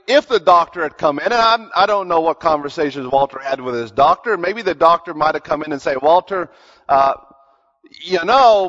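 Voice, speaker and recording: A man's voice: high-pitched, fairly bright tone. A man preaching a sermon as pastor, building emphasis and slipping into conversational asides. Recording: dull sound with long hall reverb.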